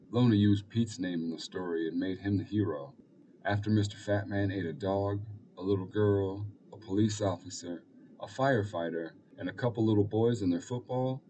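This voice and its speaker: A man narrating an audiobook in calm, even storytelling. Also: low-pitched, moderate pace, distant mic, slight background noise. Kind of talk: scripted narration.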